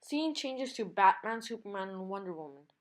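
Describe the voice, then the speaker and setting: A woman's voice: medium pitch, lively intonation, normal speed. A woman who runs a comic book channel, recapping the story and reading it aloud in plain narration.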